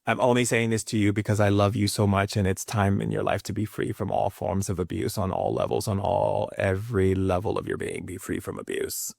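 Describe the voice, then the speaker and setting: A man's voice: on the low side, brisk, gravelly, few pauses, darkish tone, no room sound, studio quality. Sassy, emphatic man giving a spiritual talk. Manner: sassy, emphatic, playful asides. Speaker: spiritual teacher.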